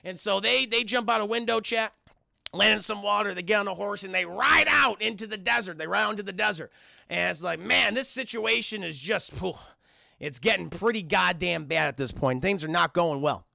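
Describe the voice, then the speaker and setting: A man casually retelling a film to his live chat, profane and animated, addressing the chat constantly. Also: sits high, normal speed, vocal fry, no room sound, studio quality. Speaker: streamer and film reviewer.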